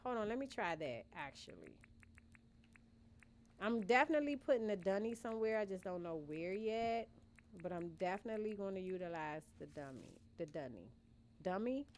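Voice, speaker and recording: A young woman streams a game and chats casually with her viewers, thinking aloud, musing and calling the chat "y'all." Her medium-pitched voice is animated at a normal speed, with a little hiss or hum and faint game music in the background.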